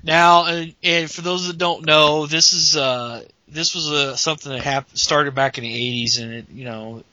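A man's voice: on the high side, moderate pace, pushed and bright, dry recording. A man hosting a podcast, chatting casually and rambling with many restarts over lo-fi call audio. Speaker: podcast host. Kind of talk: casual chat.

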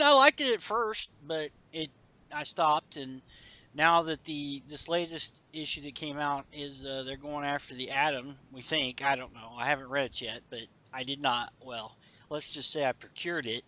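A man's voice: mid-range voice, moderate pace, bright, forceful tone. A man co-hosting a casual comics podcast, rambling, correcting himself and laughing often. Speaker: podcast co-host. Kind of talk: casual chat.

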